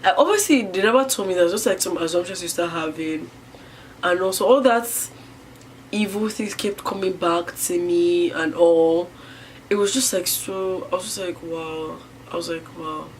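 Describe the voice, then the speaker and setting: A woman's voice: lowish voice, normal speed, a little hiss or hum. Young woman telling a personal story. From Niger. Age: young adult. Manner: rambling, filler-heavy, swinging between loud outbursts and hushed near-whispers. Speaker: vlogger. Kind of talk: casual personal storytelling to camera.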